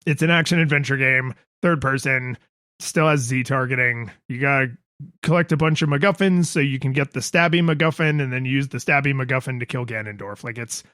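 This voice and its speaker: A man's voice: mid-range voice, fairly quick, a bit bright, no room sound, clean studio sound. A man co-hosting a casual podcast chat who rambles, makes fun of himself and acts out quotes in a raised voice. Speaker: podcast co-host.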